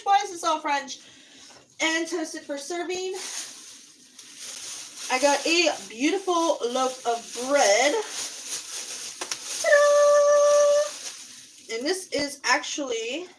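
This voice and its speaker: A woman who is a parent hosts a casual cooking livestream from her home kitchen, chatting and rambling to viewers as she cooks. She moves around and sometimes steps away from the mic; her voice is high with a sharp tone, and there's slight background noise.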